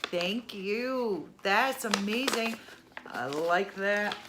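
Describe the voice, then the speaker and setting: A woman's voice: medium pitch, lively intonation, very slow, noisy background. A middle-aged woman chatting casually as she unboxes a subscription box, exclaiming over each item. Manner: chatty, exclaims over items, laughs at own mispronunciation. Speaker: unboxing vlogger.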